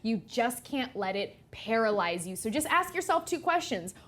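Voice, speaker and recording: Chatty woman podcast co-host, high voice. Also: moderate pace. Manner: animated storyteller, acts out quotes. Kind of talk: casual chat.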